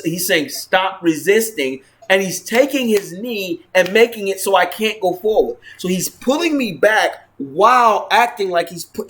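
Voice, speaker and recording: A man with a somewhat high-pitched voice tells a personal story straight to camera. He talks earnestly and restarts his sentences often, repeating words as he goes. He keeps tagging his lines with a questioning "right?". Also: fairly bright tone. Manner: earnest, retelling events with frequent 'right?' tags. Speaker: vlogger.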